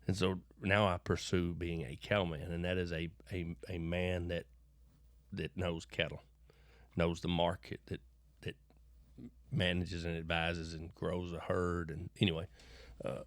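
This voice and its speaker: A middle-aged man from West Texas, with a West Texas accent, tells rambling, folksy stories as an interview guest, repeating and restarting words with occasional preachy bursts. His voice is deep and flat at a measured pace. The studio-quality recording has no echo.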